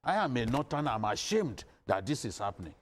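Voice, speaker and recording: A man from northern Nigeria appears as a studio guest on a news panel, speaking emphatically and insistently and driving his points home through repetition. His medium-pitched voice swings widely in pitch, and he talks quickly in this impassioned discussion.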